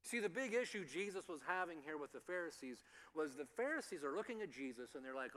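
A man preaching a sermon, rising to emphatic lines and dropping soft for quiet ones, with some ums while he explains. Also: fairly high pitch, sing-song, fairly quick, few pauses, big-room sound, a little hiss or hum. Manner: uses fillers like um and uh while explaining. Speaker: pastor.

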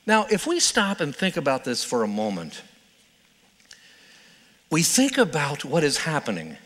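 A male preacher delivering a sermon in a playful, conversational storytelling style. His voice sits high and sounds bright and forceful. Long hall reverb trails behind his words. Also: huge pitch swings, a little slow, long pauses. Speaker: pastor.

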